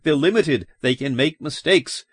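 A man's voice: fairly high pitch, expressive, measured pace, slightly rough, dry recording, studio quality, pitched above the performer's own voice. A man doing a tense, urgent husband. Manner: urgent, insistent, commanding. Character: tense, urgent middle-aged husband and father. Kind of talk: audiobook character voice.

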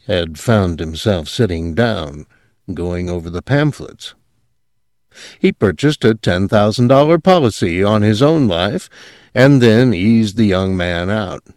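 A man reading a story aloud as narrator, measured and steady, dropping quiet at moments. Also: lowish voice, no echo, clean studio sound. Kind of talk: audiobook narration.

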